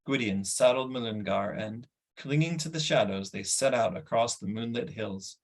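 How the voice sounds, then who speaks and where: A man narrating a fantasy novel aloud with a husky, slightly breathy voice. His pitch sits in a middle range, and he reads in an even, steady way. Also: normal speed. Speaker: audiobook reader.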